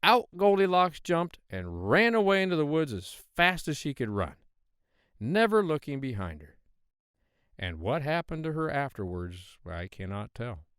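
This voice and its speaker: A man narrating a children's storybook in an expressive, sing-song way. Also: a little high, unhurried, clean tone, no echo, studio quality.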